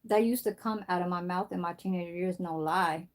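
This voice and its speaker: A woman's voice: lowish voice, steady tone, fairly quick. A middle-aged woman from San Francisco chatting on a live stream, rambling through a story and swearing freely. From San Francisco, USA. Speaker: livestream host. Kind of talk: casual livestream chat.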